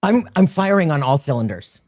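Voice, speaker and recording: A man's voice: a little high, sing-song, a little fast, a little mellow. Earnest reflective male host. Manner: earnest, reflective, searches for words. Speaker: host, medium. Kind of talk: casual spiritual conversation.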